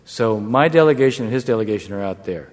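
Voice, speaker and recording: A man, a former negotiator, telling a wry anecdote to an audience in a measured way. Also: lowish voice, expressive. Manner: measured, wry storytelling with brief chuckles. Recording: long hall reverb.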